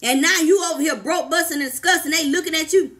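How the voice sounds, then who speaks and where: A woman's voice: high-pitched, fast, fairly bright tone. A woman life coach, preaching to camera with fervent, repetitive exhortations and calls of "come on, somebody".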